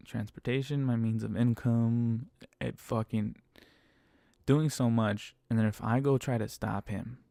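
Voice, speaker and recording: A man with a gravelly, dark-toned voice tells a rideshare driving story in a casual monologue. He swears constantly and lays on emphatic exasperation. The sound is dry and close. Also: lowish voice, no echo. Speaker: rideshare driver telling stories.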